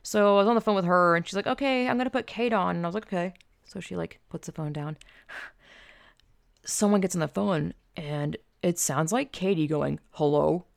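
A woman's voice: on the low side, normal speed, gravelly, no echo, studio quality. A woman telling stories in a loose, rambling monologue, full of fillers and casual swearing.

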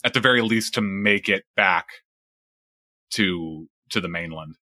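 A man narrates a tabletop game as its game master, his voice a little low yet bright and forward. He talks loosely with plenty of fillers and restarts, recorded close and dry. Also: a little slow, dry recording.

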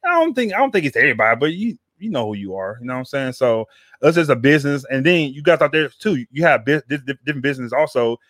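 A man's voice: medium pitch, expressive, fast, a bit bright, no echo, clean studio sound. A man hosting a podcast in casual chat, rambling and repeating words with plenty of slang. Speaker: podcast host.

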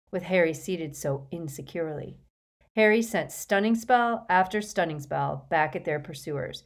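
Woman audiobook narrator, lowish voice, dramatic delivery. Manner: dramatic, expressive reading. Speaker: audiobook reader.

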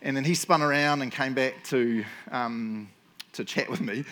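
A man, neither high nor low in pitch, gives a relaxed sermon. He tells his stories in a joking, self-mocking way and keeps teasing his listeners before he turns to the point he is making. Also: measured pace. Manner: jokey, self-mocking storyteller who teases the audience. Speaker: preacher. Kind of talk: casual humorous sermon.

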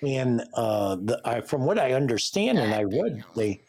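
A man's voice: medium pitch, very animated, unhurried, a little mellow, slightly rough. A man hosting a casual chat, telling rambling, profane stories. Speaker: host.

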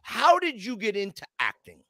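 Male co-host, excitable and gushing; very dry close sound, bright edge. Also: high-pitched, moderate pace, dry recording. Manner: enthusiastic, effusive praise, stumbling restarts. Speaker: podcast co-host. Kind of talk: casual podcast chat.

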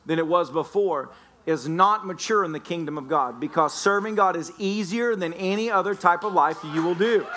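A man preaching a lively sermon as pastor, laughing often and breaking into shouts. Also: sits high. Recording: church sermon recording.

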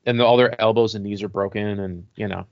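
On a podcast he co-hosts, a man chats loosely about horror toys, rambling with plenty of filler words, especially "like." His voice is on the low side, brisk, with vocal fry, over dull audio without echo.

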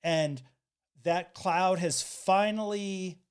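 A man's voice: sits high, extremely slow, smooth. A man hosting a podcast, telling personal stories in a candid, wry way and acting out the people he quotes. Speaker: podcast host. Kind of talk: casual podcast conversation.

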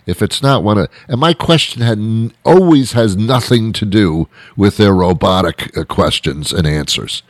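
A man's voice: fairly low pitch, animated, normal speed, hardly any pauses, no echo. A man delivering an exasperated, comic rant with lots of repetition and restarts. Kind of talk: ranting monologue.

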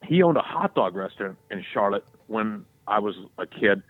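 A man's voice: fairly low pitch, moderate pace, dry recording. A man co-hosting a podcast, telling sports stories in a loose, profane way and acting out the voices of the people he quotes. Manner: profane, animated storytelling with acted-out quotes. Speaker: podcast co-host. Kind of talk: casual podcast chat. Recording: dry, tinny phone-like sound.

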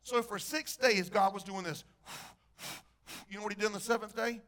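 Male pastor with a high voice, lively preaching that quizzes the congregation. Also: moderate pace. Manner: animated preacher, asks the congregation questions. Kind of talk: sermon.

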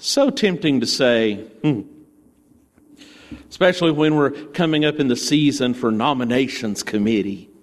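A man's voice: medium pitch, expressive, moderate pace, big-room sound. A male pastor preaching a sermon in a conversational storytelling way, with playful asides, in a church.

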